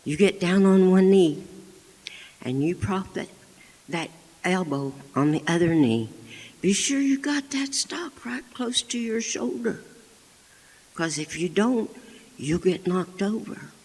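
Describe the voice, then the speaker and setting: A patient, teasing dad who talks his daughter through her first shot, played by a woman telling the story. His folksy instructions come slow and a little husky. The sound rings out across a large hall with long reverb. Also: sits high, expressive, a little mellow, heavily acted. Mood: coaxing.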